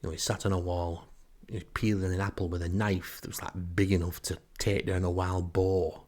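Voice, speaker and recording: A man's voice: sits low, little pitch movement, fairly quick, darkish tone. An older man with a Northern English accent telling a comic story in a wry, chatty, self-deprecating way. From Northern England. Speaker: storyteller, podcast host. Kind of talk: comic first-person storytelling.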